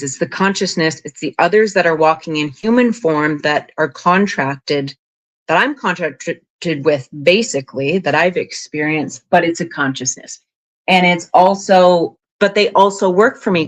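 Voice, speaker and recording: A woman guest on an interview podcast, telling long spiritual stories in a rambling, animated way, full of "like" and "you know". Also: lowish voice. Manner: rambling, animated, frequent 'like' and 'you know'. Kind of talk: casual interview storytelling.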